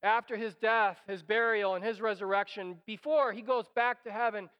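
A man preaches a sermon with a strikingly high, smooth and resonant voice. He speaks in an animated way, acting out the lines he quotes and at times sinking to a near whisper. The recording sounds dull and lo-fi. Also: moderate pace. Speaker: pastor.

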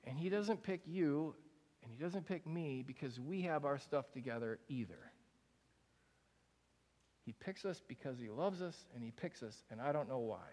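A man's voice: on the high side, normal speed. A young man preaching a sermon to a congregation in a large room, speaking in a candid, conversational way with frequent casual fillers. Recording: long hall reverb.

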